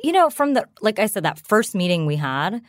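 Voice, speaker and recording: A woman's voice: mid-range voice, very animated, a little fast, dry recording, studio quality. A woman in her thirties, a startup founder speaking as a guest in a casual interview, chatty and full of fillers like "like" and "you know". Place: studio.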